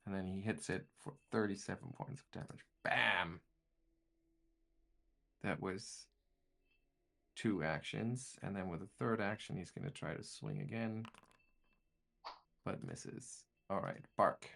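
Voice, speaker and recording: Gravelly low-voiced male game master. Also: a little slow. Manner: thinking aloud, rambling with restarts. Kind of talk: narrating a tabletop game.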